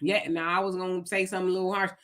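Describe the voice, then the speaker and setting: A woman's voice: lowish voice, level tone, rapid-fire, a bit bright. A woman hosting a live-stream political commentary, talking emphatically and mockingly, firing off rhetorical questions. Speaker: host.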